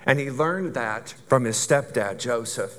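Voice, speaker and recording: A man's voice: medium pitch, unhurried, a bit bright. A pastor preaching a sermon to his church in a conversational way, with rhetorical questions and building lists.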